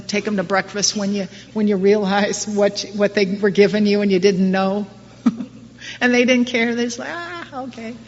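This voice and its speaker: A woman's voice: medium pitch, a little hiss or hum. A middle-aged woman speaking to a recovery group in a wry, self-mocking, conversational way, with many restarts. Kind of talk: personal talk to a recovery group. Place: meeting hall. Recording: distant muffled hall recording.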